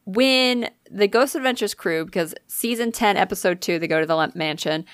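A woman co-hosting a casual podcast, excitedly retelling a ghost-hunting episode with lots of fillers and swearing. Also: medium pitch, normal speed, clear, resonant tone, no echo, clean studio sound. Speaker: podcast co-host. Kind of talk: casual podcast chat, storytelling.

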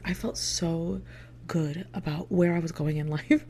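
A young woman telling a story from her past in casual storytime style. She swears freely, uses lots of filler words, and drops into hushed whispered asides. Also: lowish voice, fairly even intonation, unhurried, a little hiss or hum. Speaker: vlogger.

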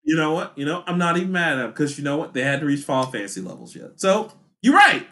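A high, bright-voiced man in excited podcast banter, his pitch bouncing all over as he swears and cracks up. Loud, animated, and full of energy. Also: quick pace. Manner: excitable, laughing, profane. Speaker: podcast co-host. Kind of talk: casual banter.

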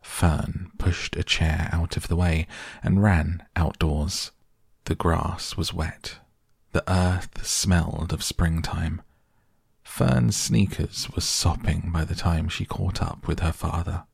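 A man hosting a sleep podcast, reading bedtime stories in a soft, slow, soothing way. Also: deep voice, steady tone, gravelly, slightly rough, no room sound, studio quality. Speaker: podcast host and audiobook reader. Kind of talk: softly spoken bedtime story reading.

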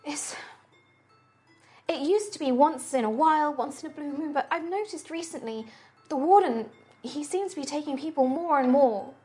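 A woman game master plays a frightened old woman locked in an asylum, in a tabletop role-play. She talks hesitantly, stumbles over her words and stays quiet and high-pitched. Soft music plays faintly behind her. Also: lively intonation, normal speed. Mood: worried. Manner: hesitant, fearful, stammering.

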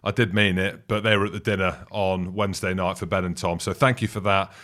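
Man, podcast co-host, casual, wry jokes, low voice. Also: flat delivery, fairly quick, a bit bright. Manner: wry, joking. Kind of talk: casual banter.

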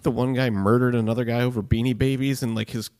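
A man's voice: mid-range voice, steady tone, quick pace, a little mellow. A man co-hosting a podcast in casual chat, laid-back with short replies. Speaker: podcast co-host.

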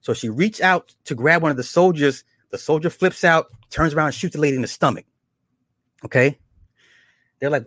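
A man casually retelling horror episodes, slipping into quick acted quotes and chuckles. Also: fairly high pitch, no room sound, clean studio sound. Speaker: show reviewer.

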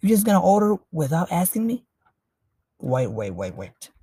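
A woman voicing an indignant adult wife who repeats herself in quick bursts. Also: fairly low pitch, sing-song, mellow, slightly rough, dry recording, clean studio sound, heavily acted.

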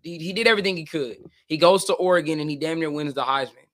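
A man's voice: fairly high pitch, fast talker, fairly bright tone. A man co-hosting a casual sports podcast, blunt and emphatic, often repeating words as he makes his case. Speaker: co-host.

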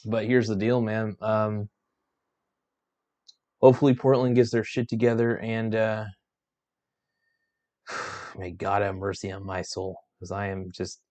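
A man's voice: fairly low pitch, level tone, a little slow, long pauses, a little mellow. A tired man ranting in exasperation about his basketball team, swearing and restarting his sentences as he vents. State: yawning, tired. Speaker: sports vlogger. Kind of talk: frustrated sports rant.

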